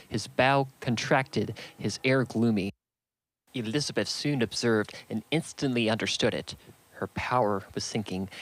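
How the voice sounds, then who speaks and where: A man reading a classic novel aloud in a steady, measured narration. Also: mid-range voice, rough recording. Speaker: audiobook reader.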